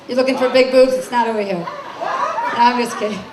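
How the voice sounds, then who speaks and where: A female comic in her forties performs stand-up in a fairly high voice at a quick pace, brassy and conversational as she asks the crowd questions. The recording has club echo, crowd noise, laughter and room sound.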